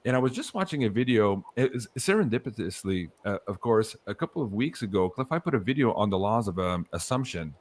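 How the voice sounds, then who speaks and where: Animated man hosting a podcast. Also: fairly low pitch. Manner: animated, quick tangents. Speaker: podcast host. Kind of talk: casual podcast chat.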